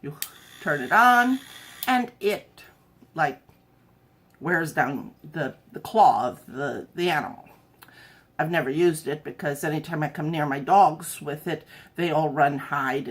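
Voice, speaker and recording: A woman's voice: low voice, lively intonation, a little slow, slightly rough. A woman chatting wryly to camera in her home kitchen while she cooks, with jokey asides. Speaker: home cooking vlogger. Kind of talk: casual cooking demo chat.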